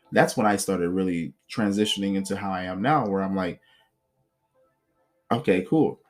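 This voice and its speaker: A man hosting a podcast, telling personal stories in a blunt, profane, animated way. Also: low voice, normal speed, long pauses, faint music behind. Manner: blunt, profane, animated retelling with acted quotes. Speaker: podcast host. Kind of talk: casual storytelling monologue.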